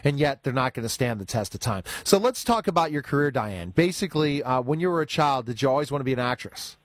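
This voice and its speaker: A man's voice: mid-range voice, lively intonation, quick pace, dry recording. Rambling male radio talk host. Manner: rambling, restarts often, emphatic. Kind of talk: radio interview.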